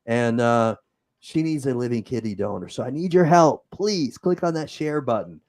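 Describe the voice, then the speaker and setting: A man's voice: mid-range voice, lively intonation, normal speed, a little mellow. A man with a Utah accent hosting a livestream, chatting casually and improvising as he reads comments. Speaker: host.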